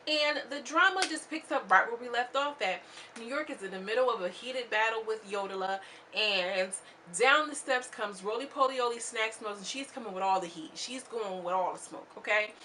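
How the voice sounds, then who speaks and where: A woman hosting her own channel, giving a chatty, slangy, animated recap of a reality show. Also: a little high, normal speed, a little hiss or hum. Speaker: channel host.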